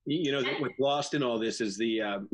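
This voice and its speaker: A middle-aged comedian on a video call, joking and rambling through anecdotes in casual chat. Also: male voice, medium pitch, fairly quick. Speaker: comedian panelist.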